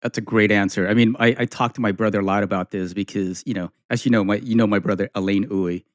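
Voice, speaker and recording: A man's voice: on the low side, steady tone, fast talker, dry recording. Man hosting, dry close sound. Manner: chatty, loose, many fillers. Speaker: podcast host. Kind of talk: casual interview chat.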